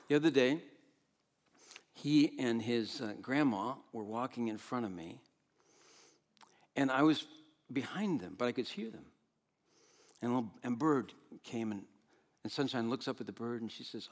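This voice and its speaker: Animated older male pastor preaching. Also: mid-range voice, moderate pace, long pauses. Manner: animated, swings between loud exclamations and soft asides. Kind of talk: sermon.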